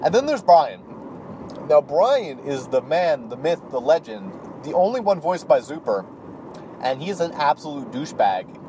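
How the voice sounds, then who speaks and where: A man's voice: on the high side, sing-song, a little slow, noisy background. A man casually recapping a role-play campaign as a channel host, talking offhand with many fillers and restarts.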